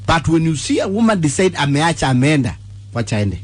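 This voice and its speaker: A Kenyan man co-hosting a radio show, speaking emphatically in lively banter. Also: a little high, fast. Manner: emphatic, mixes English and Swahili. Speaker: radio co-host.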